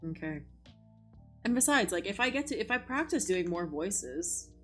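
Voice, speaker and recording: A woman streamer chatting casually while she studies. She is excitable, swears freely and talks in quick bursts full of fillers. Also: medium pitch, faint music behind. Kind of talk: casual chat while studying.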